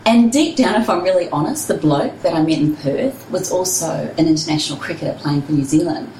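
A woman's voice: sits low, brisk, darkish tone, echoey room, recorded from a distance, slight background noise, rough recording. A woman, a personal trainer and runner, telling her story candidly and expressively in an interview.

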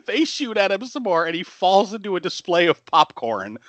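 Animated man laughing through a film recap. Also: high voice, moderate pace, dry recording, dull audio. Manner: animated, laughs often, swears freely. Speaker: podcast host. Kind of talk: casual film recap chat.

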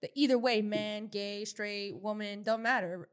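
A woman's voice: mid-range voice, fairly even intonation, measured pace, smooth. A woman co-hosting a podcast, chatting bluntly with many restarts and fillers. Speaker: podcast co-host. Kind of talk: casual opinionated chat.

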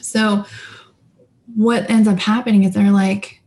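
A woman's voice: medium pitch, little pitch movement, measured pace, long pauses, a little mellow. Emphatic woman coach in casual interview. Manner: enthusiastic, emphatic, lists words in bursts. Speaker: leadership coach, guest.

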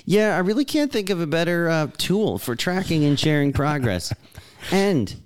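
A man's voice: fairly high pitch, big pitch swings, normal speed, a little hiss or hum. A man co-hosting a podcast, chatting casually and cracking jokes. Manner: jokey, playful. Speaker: podcast co-host. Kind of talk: casual chat.

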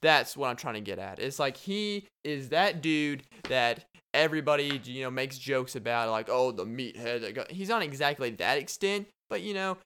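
Young male podcast host, casual solo chat, smooth voice, animated and rambling. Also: medium pitch, normal speed, few pauses.

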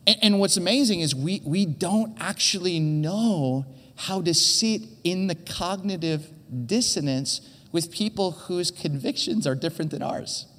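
An earnest male pastor gives a conversational sermon on a church stage, often stumbling and repeating words as he goes. His voice sits a little high. It rings with the long reverb of a large hall. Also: a little slow, a bit bright. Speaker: teaching pastor.

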